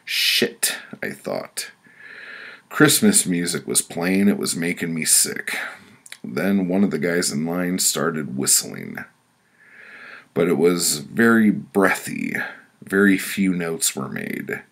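A man's voice: low-pitched, very animated, takes it slowly, gravelly. A man reading his own first-person prose aloud, blunt and profane in his telling.

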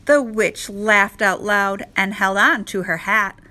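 A woman teacher reading a rhyming picture book aloud to children, slow and expressive. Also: mid-range voice. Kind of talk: children's read-aloud narration.

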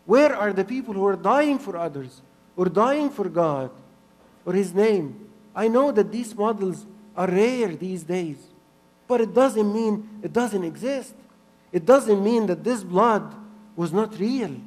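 High-voiced man preaching slowly. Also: lively intonation, in a large hall. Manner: earnest, repeats phrases for emphasis, swings between soft and loud. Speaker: pastor. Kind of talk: sermon.

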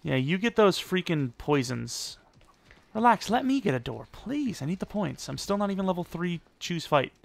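A young man with a gravelly, creaky edge talks through a video game match, rambling and poking fun at his own play. His voice sits a little higher than most men's, and he bursts into sudden excited outbursts. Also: moderate pace. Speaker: gaming YouTuber. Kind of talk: live gameplay commentary.

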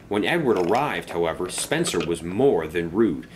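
A man reading a children's storybook aloud as narrator, in an expressive, lively way. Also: low-pitched, normal speed, a little hiss or hum.

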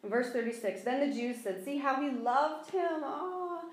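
A woman with a fairly high voice teaching a sermon in an echoey church sanctuary. She talks animatedly and acts out the people in the scripture, laughing as she goes. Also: lively intonation, normal speed. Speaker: preacher. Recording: echoey room.

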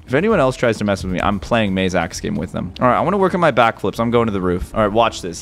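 A young man hosting a gaming video, panicking and exclaiming in excitable gameplay commentary with rapid repeats. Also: fairly low pitch, faint music behind.

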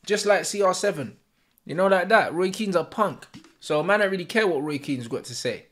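Excitable young London man, lively high voice. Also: a little fast. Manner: excitable, slang-heavy, swearing, yelling at plays. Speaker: fan streamer. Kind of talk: live match reaction.

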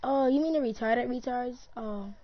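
A woman with a slightly high voice chats loosely over a game, rambling and joking as she trails off and starts again. The recording sounds dull and lo-fi, with the top end muffled. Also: normal speed. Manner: rambling, jokey, trails off and restarts. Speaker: gamer. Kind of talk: casual gaming chat.

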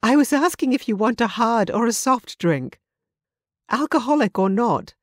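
A woman narrator voicing a quick-witted woman bartender with an East London accent in an audiobook. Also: medium pitch, expressive, darkish tone, no echo, studio quality, voice pushed up, natural voice. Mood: bright.

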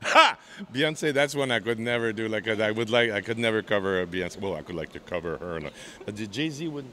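A man's voice: fairly low pitch, animated, a little fast, pushed and bright, a little hiss or hum. A man who works as a comedian and impressionist, chatting with lots of energy in an interview, laughing often and slipping into voices. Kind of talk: lively interview chat with sung impressions.

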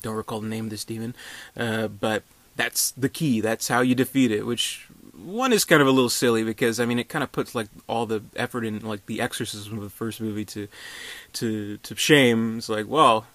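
A man's voice: medium pitch, moderate pace, a bit bright, dry recording. A man giving a casual, rambling movie review, full of fillers, restarts and dry sarcastic asides.

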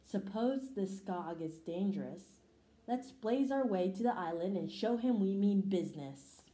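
Woman narrator doing a boastful mouse captain; commanding storybook bluster, warm voice. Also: mid-range voice, lively intonation, measured pace, close to an everyday voice. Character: boastful bossy male mouse leader. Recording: roomy echo.

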